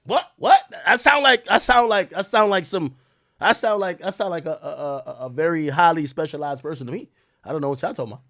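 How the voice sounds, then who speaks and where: A young adult man hosting a commentary show, talking in a mocking, animated way that swings from loud outbursts to low muttered asides. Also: a little fast, dry recording, studio quality. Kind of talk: sarcastic news commentary.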